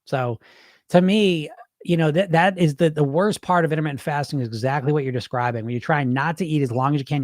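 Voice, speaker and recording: A middle-aged man hosting a casual podcast, reading listener comments and answering them in a blunt, animated way, now and then swearing and acting out the voices in people's heads. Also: on the high side, quick pace, dry recording. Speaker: podcast host and weight-loss coach.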